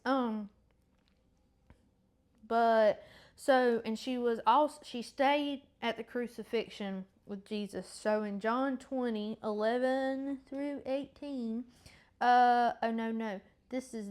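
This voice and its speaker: Woman podcast host, chatty faith talk, higher-pitched, slightly congested. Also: a little mellow. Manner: rambling, self-correcting, chatty. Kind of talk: casual faith chat and Bible reading.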